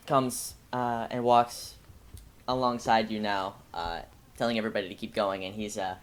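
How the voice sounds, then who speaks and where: A man narrating as game master of a tabletop game, halting and full of restarts. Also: fairly low pitch, steady tone, a little hiss or hum.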